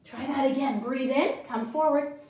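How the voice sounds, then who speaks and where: A woman leading a children's yoga class and telling a story, gently cueing breaths and moves and praising often. She sounds far from the mic in an echoey room. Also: high-pitched, normal speed. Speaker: kids' yoga teacher.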